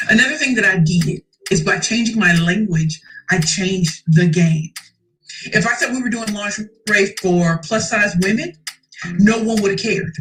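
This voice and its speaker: Give me a forceful, preacherly woman speaker at a live event who repeats her punchlines for effect. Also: mid-range voice, rough recording. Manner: emphatic, preacherly, repeats key phrases, addresses crowd as y'all. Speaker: motivational speaker. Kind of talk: motivational keynote storytelling.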